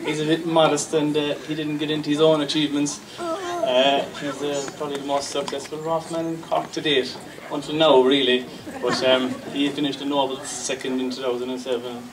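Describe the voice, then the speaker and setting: A man's voice: fairly high pitch, level tone, normal speed, hardly any pauses. An Irish man acting as MC, introducing speakers at a celebration in a plain, rambling way. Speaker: event MC. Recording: distant mic with background noise.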